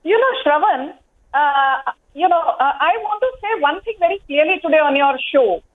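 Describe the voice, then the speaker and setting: A woman with an Indian English accent, a party spokeswoman on a TV debate, speaking forcefully and with scorn, slipping Hindi phrases into her English. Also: high-pitched, expressive, normal speed. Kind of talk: heated TV debate argument. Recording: tinny phone-line audio.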